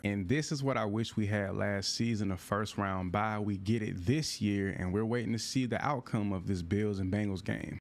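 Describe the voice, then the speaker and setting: A young man giving hyped, slangy commentary over his own football video game, his voice going in and out. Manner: hyped, slangy trash talk with sudden high yelps. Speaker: gaming YouTuber. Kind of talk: gameplay commentary.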